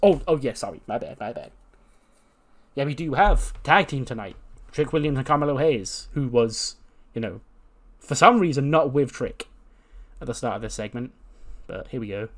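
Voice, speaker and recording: A man at a middling pitch narrates his wrestling management game run in loose, casual commentary. He rambles through it with plenty of ums and restarts. He also voices the wrestlers himself. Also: lively intonation, normal speed, long pauses, a bit bright. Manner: rambling, filler-heavy, chuckling. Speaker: let's-play host.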